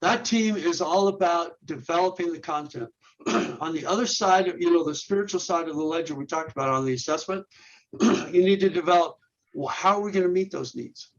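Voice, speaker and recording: On a ministry podcast, a guest who leads a men's ministry talks fairly quickly in a rather high voice. His earnest, instructional style runs through steps and rhetorical questions, with frequent repeated and restarted words, and the sound is dull and lo-fi.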